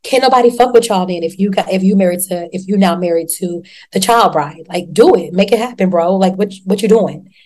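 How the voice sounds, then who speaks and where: A woman hosting a casual chat, recapping a TV show in a slangy, profane, animated way and acting out the characters. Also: medium pitch, a little fast.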